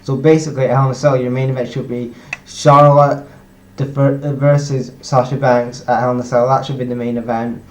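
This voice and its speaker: A man's voice: mid-range voice, level tone, fairly quick. A young man casually recapping a wrestling show, rambling and restarting his sentences with lots of ums. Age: young adult. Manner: rambling, repeats himself, frequent "obviously" and "um". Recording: roomy echo.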